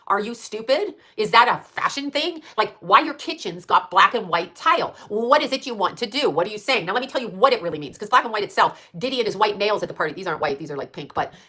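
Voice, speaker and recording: Lady ranting fast and swearing a lot, rambles, keeps asking questions at you. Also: mid-range voice, sharp tone. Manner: profane, rambling, fires rhetorical questions. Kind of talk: casual ranting monologue.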